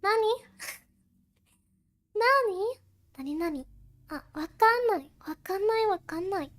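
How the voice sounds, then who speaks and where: A woman's voice: very high voice, lively intonation, moderate pace. A young adult woman chatting playfully on a stream, giggling often and switching between Japanese and English. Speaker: vtuber streamer. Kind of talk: casual chat on a stream collab.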